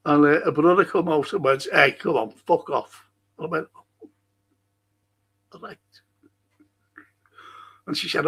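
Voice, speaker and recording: Gravelly older Liverpool man, slow chat. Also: fairly high pitch, a bit bright. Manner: chatty storyteller, swears freely, laughs at own stories. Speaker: livestream host reading chat. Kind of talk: casual chat.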